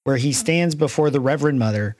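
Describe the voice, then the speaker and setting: A man's voice: mid-range voice, darkish tone, no room sound. Middle-aged man, dry close sound. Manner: halting, many restarts. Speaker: podcast co-host. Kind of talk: casual faith discussion.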